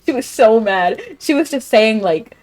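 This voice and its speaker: A woman's voice: on the high side, animated, takes it slowly, background noise. A young woman streaming a game, telling a rambling story in casual chat and laughing often. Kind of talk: casual chat while gaming.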